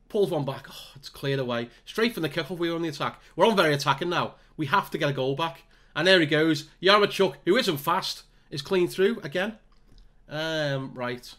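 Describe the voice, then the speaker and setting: Guy narrating his own football sim, bit higher voice, mutters then gets loud. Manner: excitable, talks to himself, groans and mutters between bursts. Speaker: gaming YouTuber. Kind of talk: live commentary on his own game.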